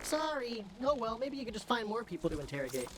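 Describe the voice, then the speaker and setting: A woman's voice: a little high, very animated, quick pace, background noise. A woman voicing a chipper AI detective assistant in a comedy game, with a bubbly, upbeat way of talking. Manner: bubbly, upbeat, cheerily scoring. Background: game music.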